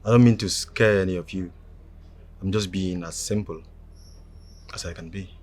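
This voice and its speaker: A man's voice: deep voice, fairly even intonation, moderate pace, darkish tone. An actor with a Nigerian accent playing a firm, secretive boss who threatens the men he hires. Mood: threatening. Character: menacing secretive boss hiring two men. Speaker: employer. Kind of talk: film acting.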